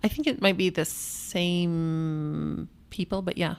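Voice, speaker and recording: A young adult woman co-hosting a casual podcast, chatty and easygoing, laughing often and filling pauses with ums while she shares event news. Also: lowish voice, vocal fry, smooth. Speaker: podcast co-host. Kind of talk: casual chat.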